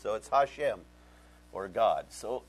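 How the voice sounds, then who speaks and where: A man preaching a Bible-teaching sermon, animated and conversational, often asking his congregation questions. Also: lowish voice, slow, soft background music. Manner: conversational, folksy. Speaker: pastor.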